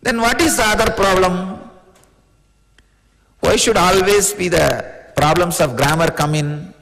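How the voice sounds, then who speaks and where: A spiritual teacher from India with an Indian accent, giving an informal, playful, teasing discourse in plain words. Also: male voice, sits high, a little slow, vocal fry, fairly bright tone. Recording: long reverb of a large hall.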